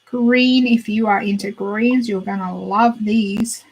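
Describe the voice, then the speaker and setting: A young woman with a slightly husky voice chats about new beauty releases. She gushes and thinks out loud as she browses, and her voice sits at an everyday middle pitch. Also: fairly even intonation, slow pace, poor audio. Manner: chatty, gushing, thinks aloud while browsing. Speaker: beauty channel host. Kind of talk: casual chat.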